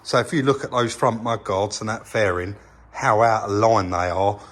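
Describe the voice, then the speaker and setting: A man's voice: lowish voice, fairly even intonation, moderate pace. An English man hosting a repair vlog, chatting casually as he points out details in his workshop. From England. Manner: chatty, explains while pointing things out. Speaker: vehicle repair channel host. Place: vehicle workshop, indoors.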